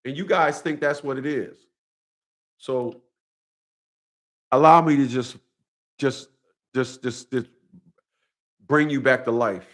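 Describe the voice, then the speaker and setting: A man's voice: medium pitch, fairly even intonation, slow pace, long pauses. A man talking straight to his viewers in a casual monologue, profane and repetitive, with a preachy storytelling manner. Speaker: vlogger.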